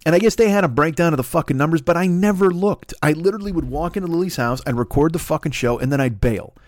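A man's voice: a little high, expressive, fast, no room sound, studio quality. A man hosting his own podcast, a comedian rambling in a profane, self-deprecating solo monologue.

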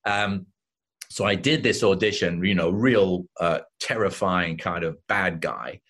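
A man with an English accent, an actor guest telling lively anecdotes in a casual interview and quoting others with voices. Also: sits low, measured pace. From England.

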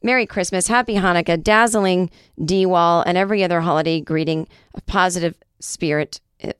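A woman's voice: lowish voice, normal speed, clean tone, dry recording, studio quality. A woman hosting a podcast in a casual monologue, joking and swearing, a little short of breath. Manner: profane, joking, animated. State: trouble breathing. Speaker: podcast host.

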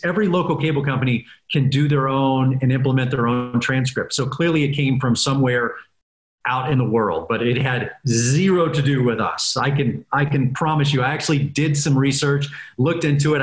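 Chatty man with a roomy echo. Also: mid-range voice. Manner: chatty, upbeat, laughs easily. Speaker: guest, reality dating show host. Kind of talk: casual interview chat.

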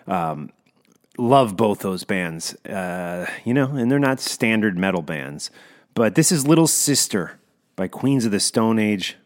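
Male metal podcast host, low voice, loose rambling delivery that trails off. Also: very animated, measured pace. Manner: rambling, unsure, trails off quietly. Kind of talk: casual chat between songs.

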